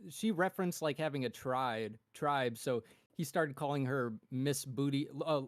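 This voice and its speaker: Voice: mid-range voice, a little slow, no room sound, studio quality. A podcast co-host chatting casually, rambling through stories with frequent laughter. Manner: rambling, animated, laughs often.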